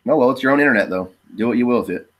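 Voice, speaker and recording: A man's voice: mid-range voice, very fast, a bit bright. A man in a casual chat, trading laid-back jokes and banter.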